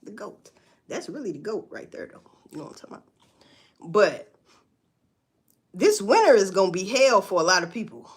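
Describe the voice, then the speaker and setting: A woman's voice: medium pitch, very animated, normal speed, long pauses, breathy edge. A woman chatting casually with viewers on a live stream, blunt and profane, with emphatic outbursts. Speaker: livestream host. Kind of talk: casual livestream chat to viewers.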